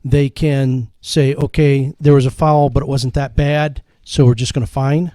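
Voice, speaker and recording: A man's voice: mid-range voice, little pitch movement, moderate pace, dark tone, no echo. A man on a local political talk show who explains procedure in a folksy way and quotes patriotic phrases. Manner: folksy, lectures with patriotic phrases, corrects others.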